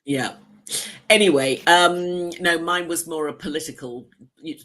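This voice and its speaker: A woman reviewing television shows in casual chat, lively and talkative, laughing easily. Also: sits low, measured pace. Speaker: screen critic.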